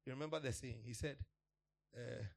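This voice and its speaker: A man with a medium-pitched voice and some vocal fry delivers a sermon to his congregation at a moderate pace. He speaks emphatically, repeats his points, and laughs now and then between them.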